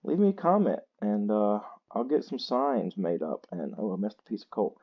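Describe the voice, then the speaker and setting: A tired man, chatting slowly and poking fun at himself while he plays a game. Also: on the low side, animated, breathy edge, lo-fi sound. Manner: slow, chatty and self-mocking. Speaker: gaming channel host. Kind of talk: casual gameplay commentary.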